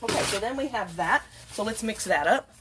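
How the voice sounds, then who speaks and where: A woman's voice: lively intonation, a little fast, background noise. A woman hosting a casual home cooking video, chatting and rambling as she bakes. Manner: rambling, talks to her cats in a high playful voice. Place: home kitchen.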